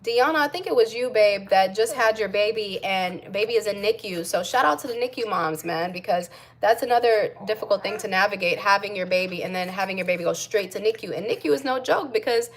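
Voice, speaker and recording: A young American woman and mom chatting casually on a livestream, reading viewer comments and giving shout-outs to other moms. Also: medium pitch, fairly quick, few pauses. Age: young adult. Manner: warm chatty shout-outs, coos baby talk to her infant.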